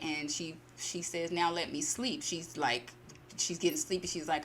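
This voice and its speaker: A woman casually retelling a short story to her channel, acting out the characters' lines with lively bursts. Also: sits low, normal speed, a little hiss or hum. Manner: animated, acts out character lines. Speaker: storytelling host.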